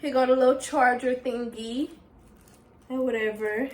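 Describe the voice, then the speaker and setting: Excitable young woman. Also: on the high side, measured pace, reverberant. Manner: gushing, excitable, talks straight to viewers with "y'all". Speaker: vlogger. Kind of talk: casual unboxing vlog.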